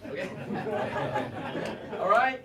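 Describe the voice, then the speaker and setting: Extremely slow and sing-song, this high-voiced middle-aged Malaysian English speaker coaches a live motivational seminar crowd with rhetorical questions. The network marketing coach is captured off-mic and far away in an echoey meeting room, with a faint hum under a noisy crowd.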